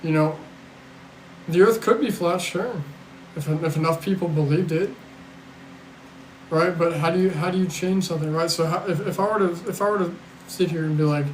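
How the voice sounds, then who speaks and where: A man chatting casually on a livestream, rambling and blunt with a fair bit of swearing, reading out questions from chat and answering them. He sounds worn out. His voice sits a bit high for a man and is caught in an echoey room with a faint hiss underneath. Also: moderate pace, pauses often. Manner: rambling, blunt and profane, with restarts and sarcasm. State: tired. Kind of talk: casual live-stream chat.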